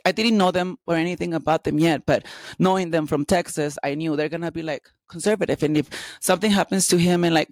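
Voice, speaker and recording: A woman telling candid personal stories as an interview guest, lively and quick to act out the dialogue. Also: fairly low pitch, no room sound. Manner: animated, acts out dialogue in quotes.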